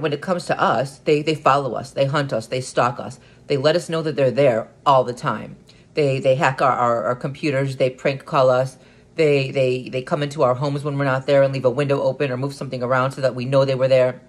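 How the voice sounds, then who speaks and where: A man's voice: medium pitch, steady tone, brisk. A man giving an earnest solo monologue as a vlogger, often stumbling and repeating words as he restarts his sentences, and getting more emphatic as he goes on.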